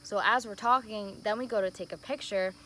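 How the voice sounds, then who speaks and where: Excited young woman gushing in a vlog. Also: medium pitch, brisk, a little hiss or hum. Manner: excited and gushing, heavy use of "like". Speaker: vlogger. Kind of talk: casual storytime vlog.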